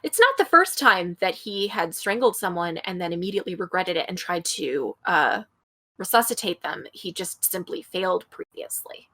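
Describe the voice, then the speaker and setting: A woman's voice: lowish voice, lively intonation, normal speed, pushed and bright. A woman co-hosting a podcast, reading a true-crime case from her notes in a casual way, tripping over place names and adding blunt comments. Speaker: podcast co-host.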